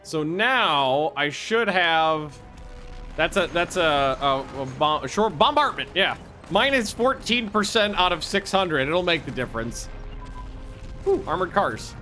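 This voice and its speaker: A man casually commenting on his own strategy game play, excitable, swearing freely and thinking aloud with restarts. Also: fairly high pitch, a little slow, soft background music. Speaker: gaming video host.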